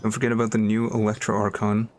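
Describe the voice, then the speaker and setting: A man's voice: lowish voice, monotone, quick pace. A man streaming a game, chatting casually with lots of fillers and laughs. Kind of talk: casual gameplay commentary. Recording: voice over loud game music.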